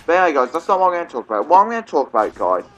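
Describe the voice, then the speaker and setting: A man's voice: fairly high pitch, very animated, very fast, fairly bright tone, rough recording. Ranting young Englishman from the Midlands. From England. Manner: ranting, repetitive, says "okay?" often. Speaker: gaming YouTuber. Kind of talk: casual rant over gameplay.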